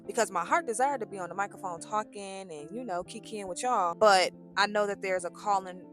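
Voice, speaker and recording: Woman vlogging about god and work, aave, super animated, acts out both sides, soft music behind. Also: mid-range voice, brisk. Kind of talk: casual faith talk to camera.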